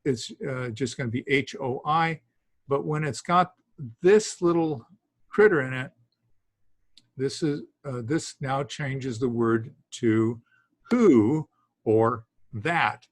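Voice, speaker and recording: A man gives a slow-paced Greek lesson in a mid-range voice, captured in a dry recording, to the students before him. He drifts through the material, restarting sentences as he interrupts himself, with an occasional chuckle.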